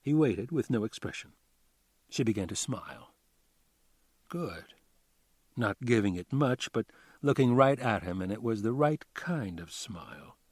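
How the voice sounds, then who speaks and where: A man narrating a crime novel in a calm, measured way. His voice sits low. The recording is dry and close, with no room sound. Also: dry recording. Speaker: audiobook narrator. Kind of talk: scripted narration.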